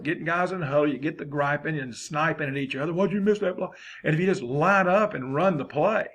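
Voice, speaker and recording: Husky man talking coaching. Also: fairly high pitch, a bit bright. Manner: folksy, rambling and conversational. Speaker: football coach. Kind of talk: informal coaching lesson.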